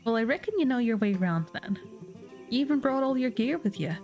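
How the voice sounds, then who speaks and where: A woman's voice: a little high, very animated, a little fast, darkish tone, faint music behind. A woman reading a welcoming frontier mayor. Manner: plain reading without an accent. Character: welcoming small-town frontier mayor, male. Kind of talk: reading game dialogue aloud on stream.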